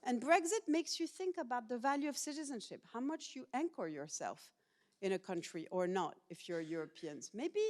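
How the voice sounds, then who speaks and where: A middle-aged woman, a professor, giving a public university lecture to students in a hall, talking in a lively, personal way and asking the audience questions. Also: on the high side, moderate pace.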